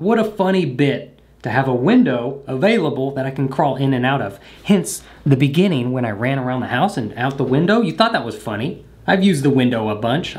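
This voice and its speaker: A man's voice: mid-range voice, a little mellow. A man vlogging alone in a room at home, rambling and joking at his own expense as he talks straight to the camera. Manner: rambling, jokey, self-mocking. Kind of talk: casual monologue to camera. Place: room in a house.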